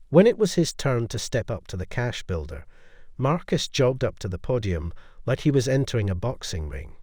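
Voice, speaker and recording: A man telling a scripted story as narrator in a lively storytelling way. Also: medium pitch, no echo, clean studio sound.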